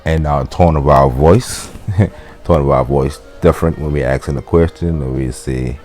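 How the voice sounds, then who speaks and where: A man's voice: very deep voice, steady tone, moderate pace, a little mellow, faint music behind. A man teaching a casual language lesson, explaining loosely with fillers and restarts. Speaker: Latin teacher.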